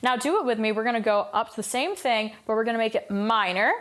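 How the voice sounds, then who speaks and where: A woman's voice: a little high, quick pace, a bit bright. Upbeat woman coaching singers. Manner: upbeat, demonstrates by singing scales. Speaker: vocal coach. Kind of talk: singing lesson with sung exercises.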